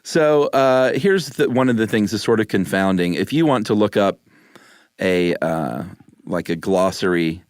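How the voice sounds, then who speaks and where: Low-voiced wry man co-hosting a podcast. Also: animated, measured pace, dry recording, clean studio sound. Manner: wry, chuckling, casual. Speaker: podcast co-host. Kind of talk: casual chat.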